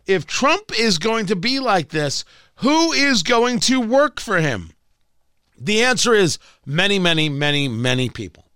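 A man's voice: sits high, sharp tone, smooth, no echo, clean studio sound. A male radio talk show host delivering an opinionated political monologue, combative and sarcastic, hammering points through repetition.

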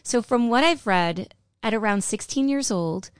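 A woman's voice: a little high, expressive, measured pace, clean tone, no echo, clean studio sound. A middle-aged woman co-hosting a podcast, chatting and telling a history story. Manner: chatty, laughing, breaks into sung lines. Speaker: podcast co-host.

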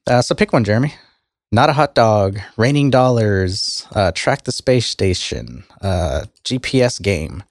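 A man co-hosting a casual podcast who is losing his voice and keeps clearing his throat. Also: lowish voice, lively intonation, measured pace, dry recording, clean studio sound. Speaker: podcast co-host. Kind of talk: casual tech podcast chat.

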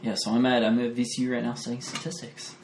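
A man's voice: medium pitch, completely flat delivery, fast talker, darkish tone. Laid-back young man in an echoey room. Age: 20s. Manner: rambling, laid-back, many fillers. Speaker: podcast guest. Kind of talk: casual chat. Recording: echoey room, faint noise.

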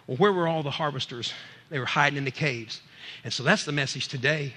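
A man preaching a fervent sermon as pastor, swinging between loud exhortation and hushed asides. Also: a little high, fairly quick, long reverb tail.

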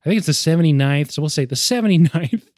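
Guy hosting a movie podcast w his buddies, kinda high voice, jokey, dry close mic. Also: lively intonation, fast, darkish tone, no echo. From Boston area. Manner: joking, laughs often, restarts. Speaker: podcast host. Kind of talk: casual podcast chat.

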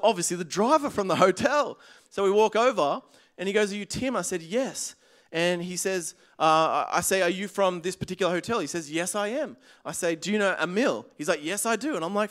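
A pastor telling an animated personal story, acting out the dialogue, then reading scripture in a sermon. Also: male voice, high voice.

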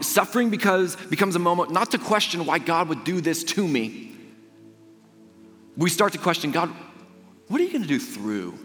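A young man preaching a sermon, telling personal stories in a conversational way and swinging between quiet, intimate lines and loud, emphatic ones. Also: on the high side. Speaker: pastor. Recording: long reverb of a large hall.

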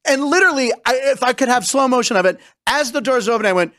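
Lively high-voiced male radio host. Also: quick pace, dry recording, clean studio sound. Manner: animated storyteller acting out quotes. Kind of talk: radio sports and comedy talk.

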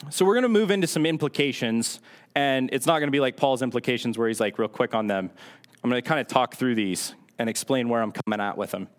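Young man, casual sermon, dry sarcastic asides, average pitch. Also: fast talker. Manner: sarcastic, self-deprecating asides. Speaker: preacher.

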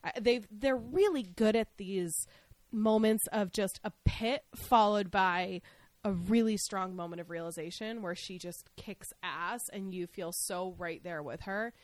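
An outspoken woman co-hosts a casual podcast, recapping an episode with lively, animated retellings. Her voice sits at a middle pitch. The recording is close and dry, with no room sound. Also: measured pace, no room sound. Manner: animated, outspoken, acts out scenes. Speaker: podcast co-host.

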